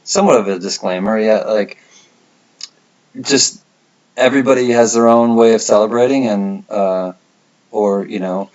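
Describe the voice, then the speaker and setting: A man's voice: lowish voice, moderate pace, pauses often, darkish tone, dull audio. A man hosting a casual livestream, reading out viewer comments and rambling with a laid-back, laughing manner. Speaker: livestream host.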